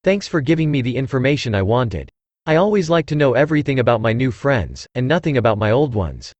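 A synthesized male voice reading the part of a witty, languid young gentleman with a dry, epigrammatic manner. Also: medium pitch, very animated, brisk, no echo, lo-fi sound. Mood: ironic.

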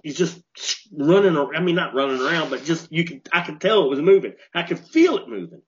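Brief: male co-host, fairly high voice, animated storyteller, dull lo-fi podcast sound. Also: fairly quick, slight background noise. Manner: animated storyteller, repeats and restarts when worked up. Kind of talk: casual storytelling chat.

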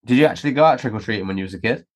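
A man's voice: mid-range voice, lively intonation, very fast. A man co-hosting a casual chat, asking jokey, cheeky questions. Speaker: podcast co-host.

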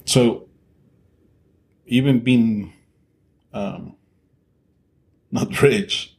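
A man's voice: mid-range voice, drawn-out words, gravelly, darkish tone, slightly rough. A man co-hosting a podcast in casual chat, talking bluntly and swearing freely as he pushes strong opinions. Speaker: podcast co-host.

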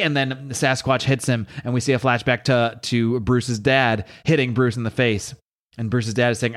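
A man's voice: mid-range voice, fairly even intonation, fairly quick. Man animatedly retelling a comic. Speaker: comic book reviewer. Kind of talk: reading a comic aloud with commentary.

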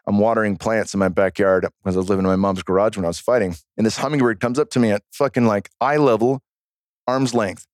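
Man telling stories in a low, dry voice. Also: fast, no echo. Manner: profane, animated storyteller. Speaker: podcast guest. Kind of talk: casual storytelling chat.

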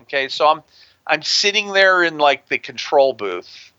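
A brash man telling a story in an interview, swearing freely. His voice is raised and bright, and it swings up and down with a lot of animation. The recording is dry and a bit dull. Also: a little high, big pitch swings, measured pace, no room sound. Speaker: guest, prison consultant. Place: near a big city on the US West Coast.

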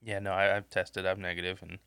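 Congested man, bright, sharp tone. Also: low voice, little pitch movement, a little fast, smooth, no room sound, clean studio sound. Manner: rambling, profane, loses his train of thought. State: sick, congested. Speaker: podcast co-host. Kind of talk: casual chat. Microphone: podcast microphone.

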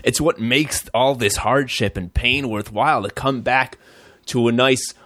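A man voicing a gruff but soft-hearted male barbarian adventurer who rambles and pleads. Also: medium pitch, measured pace, dry recording. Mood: wistful.

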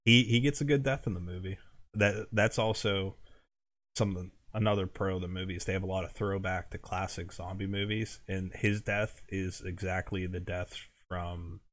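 Podcast co-host, American man, very low voice, loose rambling chat. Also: steady tone, moderate pace, fairly bright tone. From United States. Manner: rambling, heavy use of filler words. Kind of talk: casual chat.

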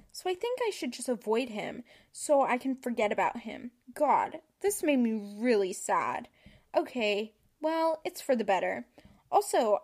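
Young woman, podcast host, casual chat, sarcastic, laughs a lot, high animated voice. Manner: sarcastic, giggly, swearing freely. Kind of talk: casual chat reading old journal aloud.

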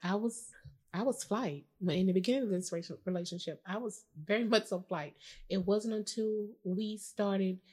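A woman's voice: medium pitch, moderate pace, dark tone, husky. A woman in a casual conversation who affirms the others often and then shares her own experience. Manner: affirming, frequent agreeing murmurs.

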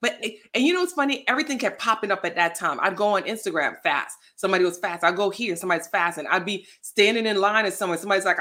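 A woman guest on a podcast, chatting casually and telling animated stories in which she acts out what people said. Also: mid-range voice, racing. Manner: animated storytelling, acts out quotes. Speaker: guest, plant-based lifestyle influencer.

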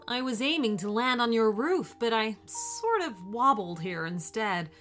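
A woman's voice: a little high, expressive, a little slow, a bit bright, faint music behind. Woman reading as a tearful young superhero. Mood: upset. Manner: sad, apologetic, gushing.

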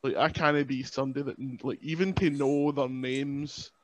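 A man's voice: mid-range voice, fairly even intonation, normal speed. A young Scottish man hosting a casual podcast chat, self-mocking and laughing often. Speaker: podcast host.

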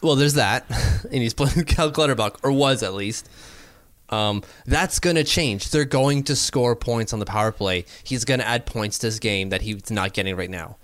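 Man, mid pitch, casual sports talk, rambling; dry recording. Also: a bit bright, no echo. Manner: rambling, doing quick mental math aloud.

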